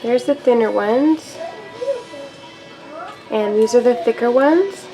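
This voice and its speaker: A woman's voice: a little high, takes it slowly, over music. A young woman vlogging her day, chatting casually to her viewers. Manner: chatty, addresses viewers as you guys. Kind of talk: casual chat.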